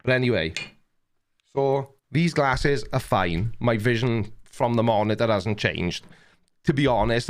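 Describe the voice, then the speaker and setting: Middle-aged male livestream host, rambling, self-mocking, reads chat aloud. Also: medium pitch.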